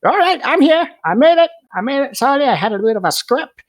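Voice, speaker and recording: A man voicing a flustered male inventor who arrives late, in a high, hurried voice. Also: big pitch swings, dry recording, clean studio sound. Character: frazzled male inventor in a jetpack mech.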